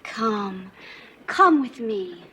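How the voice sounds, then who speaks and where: An actress playing a blissful, soft-spoken young female cult follower in a TV sitcom. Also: mid-range voice, expressive, very slow, husky, exaggerated voice.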